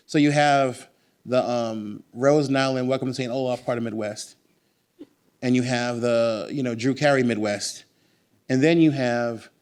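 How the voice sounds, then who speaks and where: A man with a mid-range voice speaks as the guest author at a bookstore event. He is animated and emphatic, and his answers wander into long, lively digressions. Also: mid-range voice.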